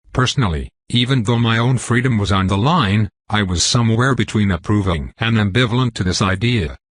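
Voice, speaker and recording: A man narrating a fantasy web novel in the first person, with measured, even storytelling. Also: lowish voice, slightly rough, dry recording. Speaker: audiobook narrator.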